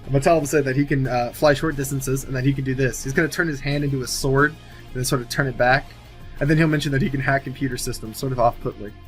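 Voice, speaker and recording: Rambling man pitching a film plot. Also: steady tone, fast, faint music behind. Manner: rambling, thinking aloud with many fillers and restarts. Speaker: movie sequel writer. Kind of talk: casual pitch-style narration of an imagined film.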